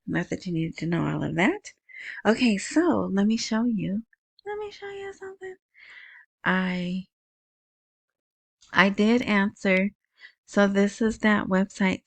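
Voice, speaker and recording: A woman with a small, soft voice talks unhurriedly, drifting from point to point as she hosts her podcast. She speaks into an earbud mic, and the sound is close and dry, with no room around it. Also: mid-range voice, animated, a little slow, gravelly, no echo. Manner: rambling, chatty, self-interrupting. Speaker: podcast host. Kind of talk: casual solo podcast talk. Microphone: wired earbud mic.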